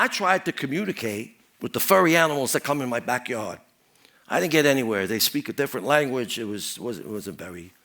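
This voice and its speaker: A man plays a paranoid, rambling stand-up character who leaps from one wild idea to the next and tosses off deadpan puns. His voice sits high, bright and sharp, and it swoops up and down before dropping to a mutter at the end of each rant. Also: creaky, heavily acted. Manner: rambling, jumps between topics, deadpan puns. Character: rambling, paranoid married man chatting up a worker.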